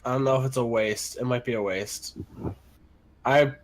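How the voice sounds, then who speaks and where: A man's voice: medium pitch, fairly even intonation, moderate pace, rough recording. Man thinking aloud at a game table. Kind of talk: casual game chat.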